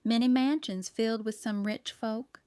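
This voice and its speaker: Audiobook: folksy, fiercely protective older baker, voiced by the woman narrator, smooth tone. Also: on the high side, steady tone, moderate pace, mellow, no room sound, clean studio sound, close to an everyday voice. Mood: admiring. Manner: folksy, homespun talk.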